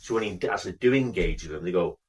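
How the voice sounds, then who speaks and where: A man's voice: low voice, lively intonation, racing, slightly rough, distant mic. A man co-hosting a podcast, chatting with many fillers and doing mock-polite impressions. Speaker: podcast co-host. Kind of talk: casual chat.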